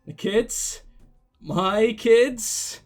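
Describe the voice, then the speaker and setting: Brief: man voicing a surly street dealer, gruff, mock accent, brash and profane. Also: high-pitched, expressive, drawn-out words, soft background music, heavily acted. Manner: brash, swearing, chuckling. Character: sleazy male drug-dealer fence, surly and defensive.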